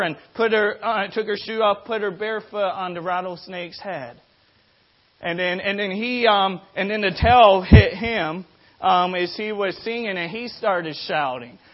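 A man preaching a sermon, telling a story with lots of energy and often restarting and repeating words. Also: high voice. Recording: dull lo-fi recording.

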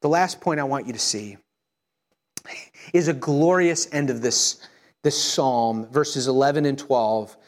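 A man preaching a sermon, earnest, slowing down and softening his voice when he voices prayers. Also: mid-range voice. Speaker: pastor.

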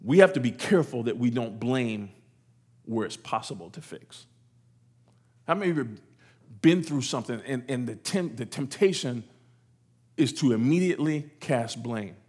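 A man preaching a lively sermon. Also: medium pitch, normal speed, pauses often, breathy edge. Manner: animated preaching, acts out voices, repeats phrases. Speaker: pastor.

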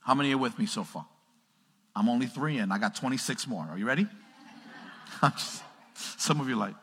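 A man's voice: mid-range voice, brisk, long pauses, fairly bright tone, slight background noise. A man pastor preaching a sermon in a church, throwing call-and-response questions at the congregation and building to emphatic peaks. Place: church sanctuary. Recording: long hall reverb.

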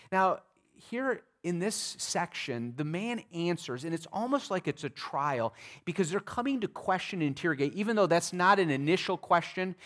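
A man with a fairly high voice preaching a sermon. He speaks emphatically and conversationally, often restarting sentences and adding vivid asides. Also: a bit bright. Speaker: pastor.

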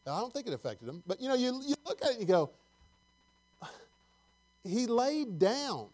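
A man's voice: extremely high pitch, very animated, very fast, a little mellow. A middle-aged male preacher giving a conversational sermon, reading scripture and asking the congregation questions.

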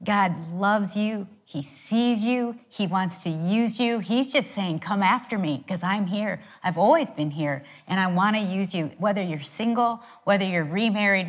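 A woman co-leading a sermon, speaking earnestly and reassuringly to the audience. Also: mid-range voice.

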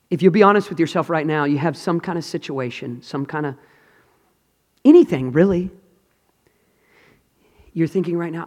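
A man preaching a sermon with passion, swinging from loud cries to hushed whispers. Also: fairly high pitch, moderate pace. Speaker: pastor. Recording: long hall reverb.

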